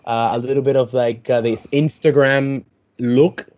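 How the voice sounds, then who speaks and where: A man's voice: mid-range voice, steady tone, measured pace, darkish tone. A man talking as a podcast guest in a casual, hesitant way, with lots of fillers and restarts. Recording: dull lo-fi sound.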